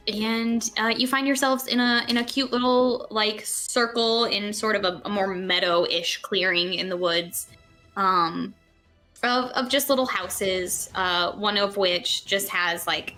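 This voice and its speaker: A woman's voice: mid-range voice, bright, forceful tone. A woman narrating a tabletop game as game master, giggly and loose, with lots of fillers.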